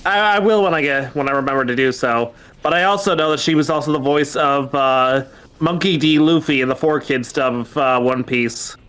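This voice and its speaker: A man's voice: medium pitch, moderate pace, fairly bright tone, clear, resonant tone. A man hosting a casual game stream, talking with lots of fillers and restarts. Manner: hesitant, many fillers and restarts. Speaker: streamer host. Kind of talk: casual gaming stream chat.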